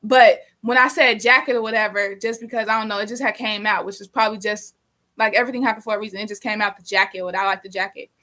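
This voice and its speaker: A young woman telling a story casually during a live stream, animated and profane, rambling with lots of fillers. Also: medium pitch, fast talker.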